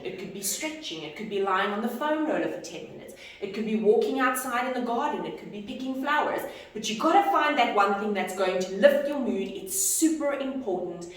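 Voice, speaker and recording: A woman's voice: mid-range voice, recorded from a distance. A woman fitness instructor teaching an online course, talking expressively and acting out how she greets clients. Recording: echoey room, voice off-mic.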